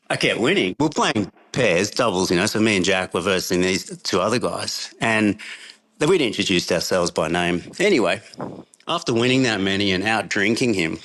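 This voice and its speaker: This is a relaxed Australian man in middle age, telling a long anecdote as a podcast guest. His voice sits on the low side, and he breaks into laughs often as he wanders through the tale. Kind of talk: casual anecdotal storytelling.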